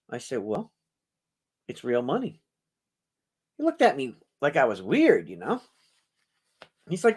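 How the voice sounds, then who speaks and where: Casting note: middle-aged male auction host, rambling storyteller, chuckles often, higher voice that swings widely. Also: wildly swooping pitch, moderate pace, pauses often, darkish tone, husky. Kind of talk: casual storytelling to a live audience.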